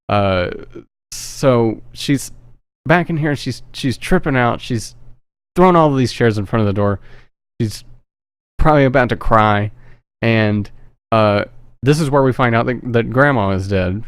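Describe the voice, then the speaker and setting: A man's voice: medium pitch, no echo. A man retelling a movie plot in a rambling, profane, joking way. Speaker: movie reviewer. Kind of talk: casual film synopsis.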